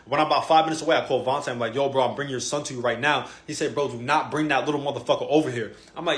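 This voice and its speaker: Man, fast storyteller, profane, animated, echoey room. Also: medium pitch. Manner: animated, profane, quoting others in dialogue. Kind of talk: comedic storytelling.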